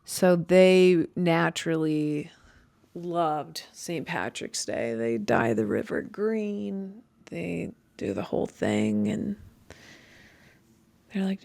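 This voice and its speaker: A woman's voice: low voice, lively intonation, takes it slowly, creaky, darkish tone, dry recording. A young woman hosting her podcast, rambling in a self-mocking, conversational way with many fillers. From Chicago. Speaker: podcast host. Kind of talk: stream-of-consciousness monologue.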